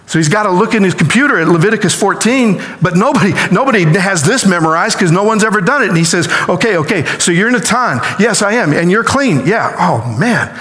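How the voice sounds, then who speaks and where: A man preaching a sermon as a story, acting out the quoted lines with lively energy. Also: sits high, a little fast, hardly any pauses, long reverb tail. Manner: animated retelling with acted-out quotes. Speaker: pastor.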